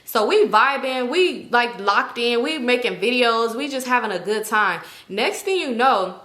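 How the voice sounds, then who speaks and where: A young woman tells a story to her viewers in a blunt, profane, animated way. Her voice is high and bright. The room gives it a clear echo. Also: measured pace. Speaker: storytime vlogger. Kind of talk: storytime vlog. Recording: echoey room.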